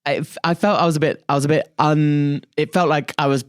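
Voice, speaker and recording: A man's voice: fairly high pitch, fairly even intonation, a little fast, smooth. A man co-hosting a podcast in casual chat, telling stories animatedly, swearing freely and acting out quotes. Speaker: podcast co-host.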